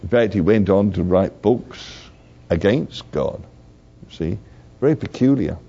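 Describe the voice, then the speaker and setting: An older man preaching a sermon slowly and earnestly, repeating his key phrases. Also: on the low side, expressive, dark tone, slightly rough. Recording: dull lo-fi recording.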